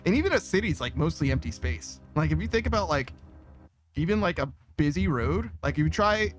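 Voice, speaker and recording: Live-streaming a game, a man reads out his chat with a slightly raised pitch that swings widely, speaking fairly quickly. His talk is loose and rambling, peppered with swearing and frequent laughter, over faint background music.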